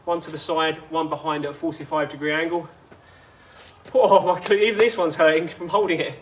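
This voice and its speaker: Male fitness coach, higher voice, chatty instructive delivery with asides, outdoor take with light ambience. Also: fairly even intonation, quick pace, fairly bright tone, slight background noise. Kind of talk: guided workout instruction.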